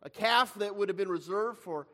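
Male preacher, very high pitch, dramatic sermon delivery, long hall reverb. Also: normal speed. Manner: dramatic, acts out quoted voices with shifting loudness.

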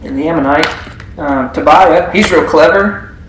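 In a sermon recorded in an echoey room with a noisy background and faint ambience, a preacher with a slightly high voice speaks at normal speed. He reads a Bible passage aloud and explains it in a folksy style.

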